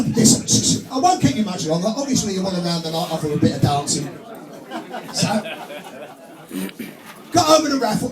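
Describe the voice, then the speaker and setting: Crude, sweary male compere with a very high voice, working a rowdy dinner crowd. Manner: swearing, joking, laughing at own gags. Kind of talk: crude stand-up comedy routine. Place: function room at an evening dinner. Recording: echoey function room with music and crowd.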